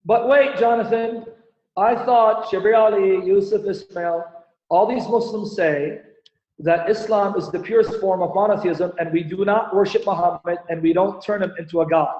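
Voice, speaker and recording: A man's voice: high-pitched, steady tone, moderate pace. A man hosting a livestream, reading scripture aloud and animatedly pressing his audience with rhetorical questions. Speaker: Christian apologist host. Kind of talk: livestream Bible-Quran debate teaching. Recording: echoey, dull lo-fi stream audio.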